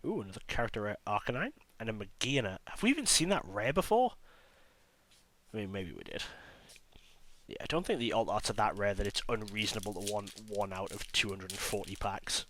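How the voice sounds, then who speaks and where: A man with a low, hoarse voice, audibly sick, talks his way through a stack of card packs. His tone stays bright and edgy despite the illness, and he names each card in a loose, chatty commentary. He keeps joking about how rough his own voice sounds. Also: sing-song, fairly quick. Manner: chatty, self-mocking, listing cards as he goes. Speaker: card-opening channel host. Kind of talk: casual pack-opening commentary.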